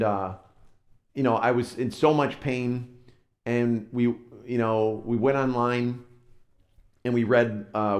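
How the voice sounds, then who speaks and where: A man preaching at middle pitch, telling a story in a relaxed, self-deprecating way. His voice rings in a roomy church hall. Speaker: pastor. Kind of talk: sermon storytelling. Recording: roomy echo.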